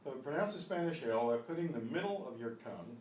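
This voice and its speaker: A man teaching a beginners Spanish class, patiently repeating words slowly for pronunciation drills. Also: animated, darkish tone. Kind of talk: beginner language lesson. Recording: echoey room, voice from a distance, faint rumble.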